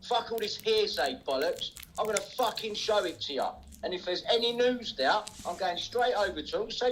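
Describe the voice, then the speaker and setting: A man's voice: sits high, animated, normal speed, hardly any pauses, fairly bright tone, a little hiss or hum, low-quality recording. Angry swearing man ranting. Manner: aggressive, swearing, taunting. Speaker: livestream host. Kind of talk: angry livestream rant.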